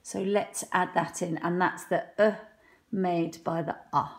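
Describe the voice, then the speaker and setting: A woman teaching a children's phonics lesson from home, slowly sounding out letters one by one with patient encouragement. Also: on the low side, fairly even intonation. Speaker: primary school teacher.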